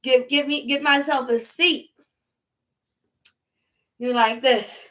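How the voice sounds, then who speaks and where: New lady ranting on her live, high bright voice, slow drawl, loud and laughing a lot. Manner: loud, animated, quick to laugh and shout. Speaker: livestream host. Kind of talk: casual livestream chat.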